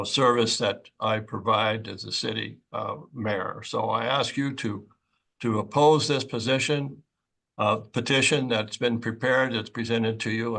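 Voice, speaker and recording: An older man who is a town mayor, giving a halting public comment with repeated words and fillers. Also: mid-range voice, vocal fry, sharp tone.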